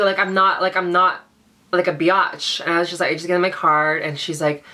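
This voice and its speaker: A woman's voice: fairly low pitch, fairly quick, pushed and bright. A young woman telling a storytime vlog in a chatty, dramatic way, full of "like" and "you know". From Vancouver, Canada. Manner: chatty, dramatic, heavy use of "like". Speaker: beauty vlogger.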